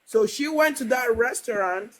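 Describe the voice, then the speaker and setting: A woman's voice: fairly high pitch, expressive, moderate pace, fairly bright tone, low-quality recording. A woman hosting a livestream, casually retelling a story to viewers, rambling with many fillers and restarts and acting out the quoted dialogue. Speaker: livestream host.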